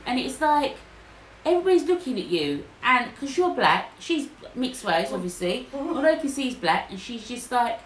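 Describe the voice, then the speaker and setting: Animated woman telling a story. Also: sits high, moderate pace. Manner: animated, acts out quotes. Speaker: podcast co-host. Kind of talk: casual storytelling. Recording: echoey room, faint noise.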